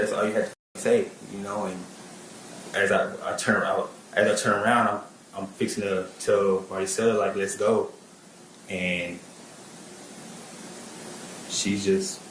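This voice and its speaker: Man, low and flat, halting witness testimony, roomy courtroom sound. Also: a little hiss or hum. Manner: halting, repeats words, many fillers like "like" and "um". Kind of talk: plain spoken testimony.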